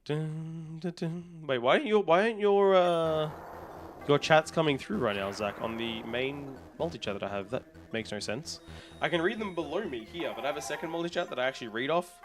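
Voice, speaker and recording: A man's voice: fairly high pitch, a little fast. Chatty Australian man streaming a game. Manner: rambling, reads out and answers viewer messages. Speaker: livestreamer. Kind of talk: casual chat with live chat readers.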